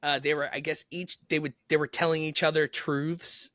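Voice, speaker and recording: High, bright, excitable man. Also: normal speed, dry recording, studio quality. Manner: excitable, laughs through his stories. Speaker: podcast co-host. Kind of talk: casual podcast chat.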